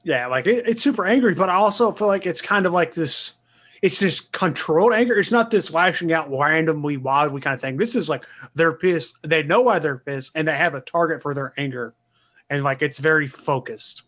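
A man's voice: a little high, animated, brisk, a bit bright. A man on a podcast panel who shares his thoughts on music, hedging and filling with "like". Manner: hedging, full of "like". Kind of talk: casual music review chat.

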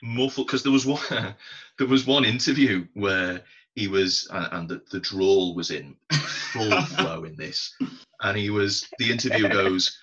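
A man's voice: on the low side, unhurried, a bit bright, breathy edge. A man co-hosting a podcast, chatting casually with wry jokes. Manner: wry, joking asides. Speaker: podcast co-host. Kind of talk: casual chat. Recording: dull lo-fi podcast audio.

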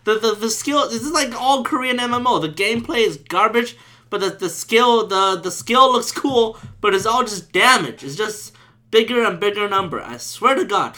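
A man's voice: high voice, animated, normal speed, bright, forceful tone. A man talking about a video game in a casual, profane rant, full of restarts and repeated words. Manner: profane, ranting, frequent restarts. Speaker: gaming commentator.

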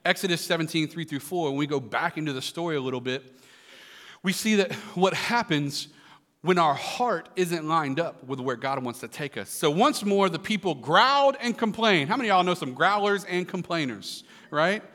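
A man's voice: a little high, expressive, moderate pace, pushed and bright. A man pastor delivering a live sermon in a church, talking to the congregation in a loose, conversational way with jokes and asides. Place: church sanctuary. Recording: long hall reverb.

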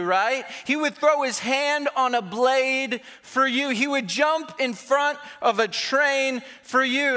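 Pastor preaching, man, unhurried delivery, reverberant church hall, chatty and self-mocking. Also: very high voice, sharp tone. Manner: conversational, self-deprecating, with playful quoted asides. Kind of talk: sermon.

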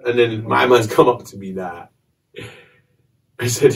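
A man, a podcast host telling a story casually, animated and swearing. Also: medium pitch, a little slow, vocal fry, pauses often, far from the mic.

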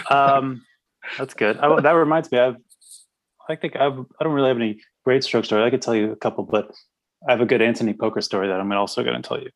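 A man on a podcast casually telling a funny story about his old band, animated and laughing as he goes. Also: mid-range voice, fast talker, rough recording. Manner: animated, laughing through anecdotes. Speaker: podcast guest, former band member.

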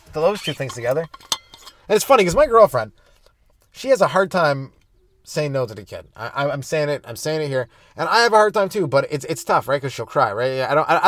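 A young adult man hosting a comedy podcast, stoned and rambling loosely through jokes with sudden animated bursts. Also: on the high side, no echo. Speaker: podcast host.

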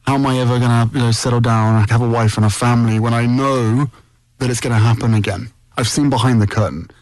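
A man's voice: mid-range voice, fairly even intonation, fast, a little mellow, no room sound. British male interviewee, reflective and earnest, dry close mic. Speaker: podcast guest. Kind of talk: long-form interview.

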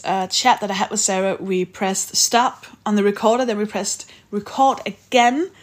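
Chatty podcast host woman. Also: medium pitch. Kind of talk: casual chat and read-out outro.

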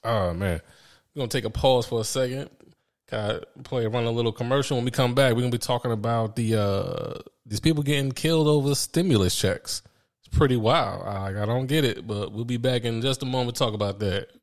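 A man hosting a casual podcast, relaxed and laid-back, who laughs easily. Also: medium pitch, brisk. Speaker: podcast host. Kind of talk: casual chat.

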